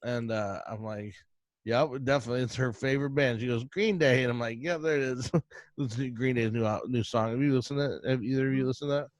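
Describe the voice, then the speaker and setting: A man's voice: medium pitch, steady tone, no room sound. Middle-aged male podcast host, casual rambling storyteller, dry close sound. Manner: rambling storyteller, quick bursts, laughs often. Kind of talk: casual chat.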